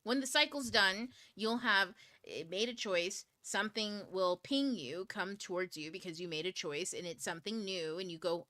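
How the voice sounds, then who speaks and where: A woman's voice: medium pitch, moderate pace, sharp tone, dry recording. A woman hosting a book club stream, chatting casually in a blunt, profane way and laughing often. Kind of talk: casual livestream talk.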